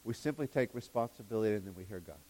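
Excitable male preacher. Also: fairly low pitch, fast talker. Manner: excitable, swings from loud bursts to quiet asides; laughs at his own jokes, backpedals on his phrasing. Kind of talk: sermon.

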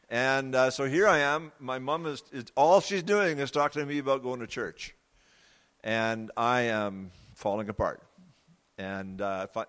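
A man preaching a sermon as he tells his own story, earnest and confessional, often pausing and repeating words. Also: mid-range voice, fairly bright tone, long reverb tail. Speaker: preacher giving his testimony. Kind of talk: sermon testimony.

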